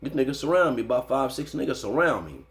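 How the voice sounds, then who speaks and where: Fast-talking gravelly man telling a story. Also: medium pitch. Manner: slangy, profane, constantly says "you know what I'm saying"; animated when recounting the fight. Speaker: interview guest. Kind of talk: casual storytelling.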